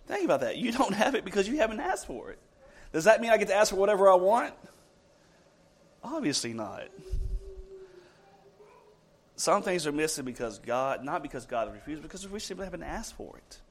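A man preaching a sermon to a congregation, asking rhetorical questions and moving between loud emphatic lines and soft, slowed ones. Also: high-pitched, sing-song.

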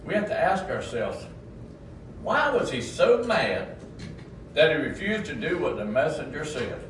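A man preaching a sermon, his voice swinging widely between high, loud peaks and low, quiet asides. The sound is very roomy and echoing, picked up from a distance in a church hall. Faint ambience sits behind him. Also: sing-song, measured pace, a little hiss or hum.

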